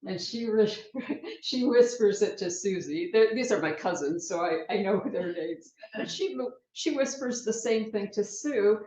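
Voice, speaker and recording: A woman minister giving a sermon in a chatty, lively way, laughing often and checking in with her listeners. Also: medium pitch. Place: church sanctuary. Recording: dull, roomy sanctuary sound.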